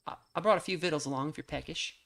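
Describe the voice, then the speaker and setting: A woman putting on a gruff old mountain man. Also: low voice, rapid-fire, fairly bright tone, heavily acted. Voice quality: folksy rural drawl.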